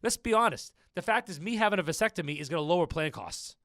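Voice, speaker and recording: A man hosting a business podcast, chatty and animated, telling stories straight to his listeners. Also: high voice, quick pace, no echo, studio quality. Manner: chatty, storytelling, addresses listeners as folks. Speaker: podcast host. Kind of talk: casual business podcast chat.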